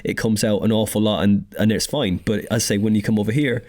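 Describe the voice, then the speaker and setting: Low-voiced reflective male podcast host. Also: fairly even intonation, a little fast, a little mellow. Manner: reflective, searching, with frequent fillers. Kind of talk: casual podcast chat.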